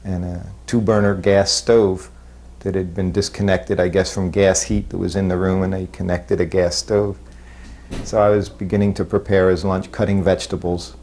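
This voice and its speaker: Low-voiced man reminiscing haltingly. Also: little pitch movement, a little mellow. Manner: halting, self-deprecating, chuckles between memories. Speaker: former disciple recalling memories. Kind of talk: reminiscing interview.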